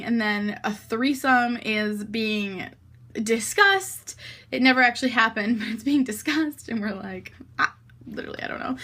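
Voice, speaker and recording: A young woman vlogger tells a chaotic party story in an animated, gossipy way. She fills her speech with "like" and drops swear words without a second thought. Her voice sits slightly higher than average. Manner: animated, heavy use of "like" and swearing. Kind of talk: casual storytime vlog.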